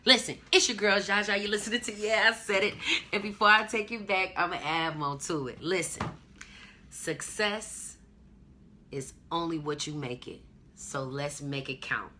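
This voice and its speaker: A woman's voice: lowish voice, normal speed, bright, forceful tone, a little hiss or hum. A woman hosting her own podcast, preaching emphatically in slangy casual talk. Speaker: podcast host. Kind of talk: casual motivational monologue.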